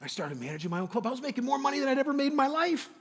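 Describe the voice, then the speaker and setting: Animated high-voiced motivational speaker man. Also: very fast. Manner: animated, enthusiastic, acts out dialogue. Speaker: motivational speaker and sales coach. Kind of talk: energetic motivational storytelling to a live audience. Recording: long hall reverb.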